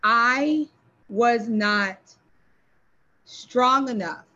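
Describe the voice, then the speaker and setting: A woman's voice: on the high side, drawn-out words, sharp tone. A woman co-hosting a podcast, talking candidly with a friend and acting out quoted lines with animation. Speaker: podcast co-host. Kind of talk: candid conversation between friends. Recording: dull, lo-fi sound.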